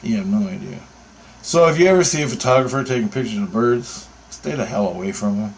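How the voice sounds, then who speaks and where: A man's voice: fairly low pitch, expressive, fairly quick, vocal fry, a little hiss or hum, rough recording. Profane, heated man ranting. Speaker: bird photographer. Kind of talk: angry ranting anecdote.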